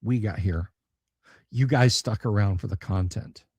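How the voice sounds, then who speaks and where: A man's voice: lowish voice, measured pace, a little mellow, husky, no room sound. A man hosting a casual livestream chat for his tabletop gaming channel, blunt, sarcastic and profane.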